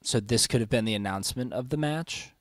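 A man's voice: mid-range voice, fairly quick, no room sound, clean studio sound. A man co-hosting a casual chat show, easygoing and playful. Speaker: podcast co-host.

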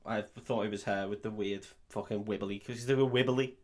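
A man's voice: lowish voice, steady tone, fairly quick. A man co-hosting a podcast, chatting casually and tossing in wry, joking asides. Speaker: podcast co-host. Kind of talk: casual banter.

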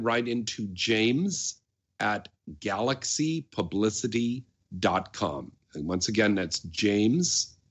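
A man's voice: mid-range voice, slightly rough. A man hosting a radio show, talking casually in a chatty, rambling way with many fillers. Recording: dull lo-fi sound.

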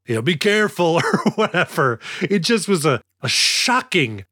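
A man's voice: a little high, sing-song, moderate pace, bright, forceful tone, breathy edge, no room sound, studio quality. A man co-hosting a casual movie podcast, joking and acting out lines in silly voices. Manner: jokey, acts out movie lines in goofy voices. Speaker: podcast co-host.

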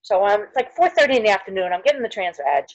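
A woman's voice: mid-range voice, racing, lo-fi sound. A middle-aged woman, a podcast guest, telling her own story, acting out the people she quotes and dropping almost to a whisper at the hardest parts. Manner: animated storyteller, acts out quoted voices, drops to near whisper at hard moments. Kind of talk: personal storytelling interview.

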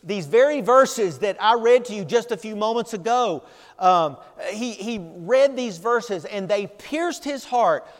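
Earnest older preacher in a reverberant hall. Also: male voice, high-pitched, lively intonation. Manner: earnest, emphatic preaching with repeated words and pauses. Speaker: pastor. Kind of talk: sermon.

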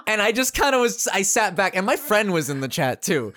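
A podcast co-host telling gaming stories in a loose, profane, animated way during casual chat. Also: medium pitch, fairly quick, very noisy.

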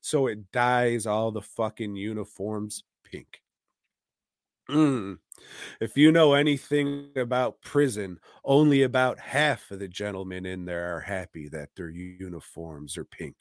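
A man's voice: fairly low pitch, measured pace, no room sound, studio quality. A man co-hosting a podcast, retelling a film in a rambling, profane way with lots of fillers. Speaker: podcast co-host. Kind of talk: casual comedic chat.

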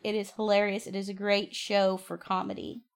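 A woman's voice: mid-range voice, little pitch movement, normal speed. A woman co-hosting a casual podcast, playful and enthusiastic about the show she discusses. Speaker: podcast co-host. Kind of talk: casual chat.

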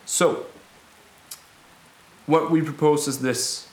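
A man voicing a male rebel leader who calmly addresses frightened townsfolk in a tabletop game, speaking slowly and deliberately. His words come across clearly. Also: on the high side, reverberant, voice pushed up. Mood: earnest, reassuring.

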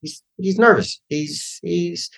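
A man doing a jittery excited older director. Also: gravelly, full character voice. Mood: eager. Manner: halting, repeating himself, rising pitch. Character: excited older male film director, nervous praise.

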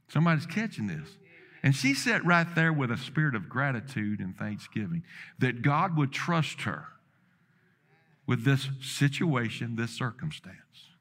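A man gives a sermon at a moderate pace with a sing-song delivery. He recounts a story dramatically, voicing the characters' words, rising to loud emphatic high points and falling quiet again.

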